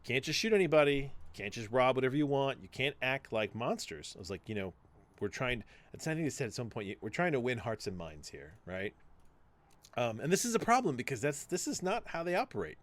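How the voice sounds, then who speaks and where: A man's voice: mid-range voice, very animated, fairly quick. A male podcast host chatting casually and retelling a TV story, acting out the dialogue and swearing freely. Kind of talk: casual chat, retelling a TV show.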